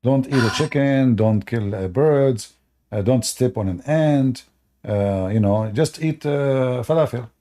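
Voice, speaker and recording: Man, blunt call-in host, dark mellow tone, repeats himself, dismissive. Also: medium pitch, a little slow. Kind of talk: live-stream debate talk.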